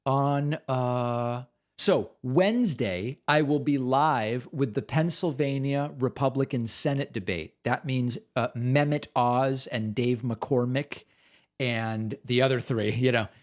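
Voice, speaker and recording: A man's voice: mid-range voice, slow. A man hosting a live stream, chatting casually and rambling as he reads out supporter names. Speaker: host. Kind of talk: casual livestream chat.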